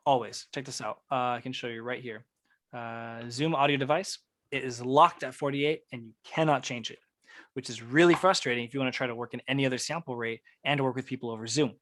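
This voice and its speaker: Over a video call, a man with a medium-pitched voice runs a music production workshop. He explains technical details in a relaxed, casual manner, sprinkling in plenty of fillers.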